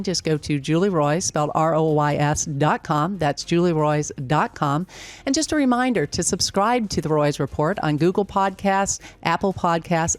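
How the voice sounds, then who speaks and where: A woman hosting a podcast, asking measured questions and reading a scripted outro. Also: lowish voice. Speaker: podcast host.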